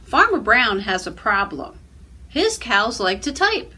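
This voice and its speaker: A woman, a children's librarian, reading a picture book aloud with expressive storytelling. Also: fairly high pitch, unhurried, slightly rough.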